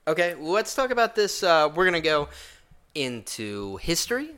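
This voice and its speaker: Bright, lively young man joking provocatively. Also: a little high, normal speed, clean tone. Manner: provocative, mock-serious. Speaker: podcast co-host. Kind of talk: casual chat.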